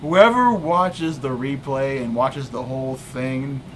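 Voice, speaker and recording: A man's voice: mid-range voice, slow pace, slight background noise. A man hosting a casual livestream chat, joking and teasing, laughing at his own lines. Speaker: streamer, host.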